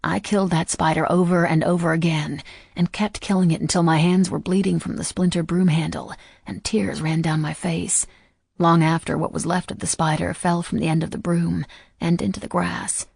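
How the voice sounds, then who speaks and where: A woman narrating a first-person audiobook in a quiet, measured, somber way. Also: fairly low pitch, level tone, vocal fry, slightly rough, no echo, studio quality.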